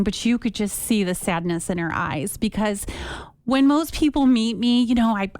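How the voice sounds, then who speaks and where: A woman telling her personal faith story conversationally, in an upbeat, chatty way, with lively quoted voices. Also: mid-range voice, clean tone, no room sound. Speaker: radio guest sharing a testimony.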